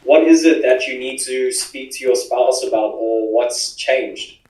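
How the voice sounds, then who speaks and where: A man calmly practicing a sales response in a training session. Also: mid-range voice, unhurried, reverberant, recorded from a distance, low-quality recording. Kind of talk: role-play practice.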